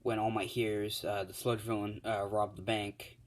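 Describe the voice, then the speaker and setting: A man's voice: fairly low pitch, little pitch movement, unhurried, low-quality recording. A man telling an improvised fan story in a casual, rambling way with many fillers.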